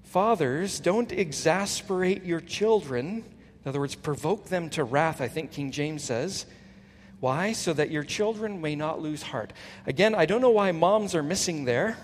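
A male pastor giving an earnest sermon, swinging from emphatic peaks to soft, low asides. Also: slight background noise. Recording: long hall reverb, faint ambience.

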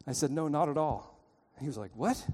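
A man preaching a sermon, telling a story and pleading with his listeners, his voice swinging between loud and hushed. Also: fairly high pitch, brisk. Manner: storytelling, urgent pleading, dramatic shifts in loudness. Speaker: pastor. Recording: long reverb of a church hall.

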